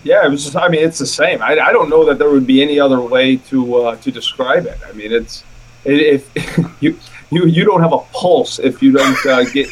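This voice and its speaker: A man's voice: medium pitch, moderate pace, slight background noise, poor audio. A man, a pro baseball player guesting on a podcast, speaking plainly and with halts. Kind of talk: casual chat.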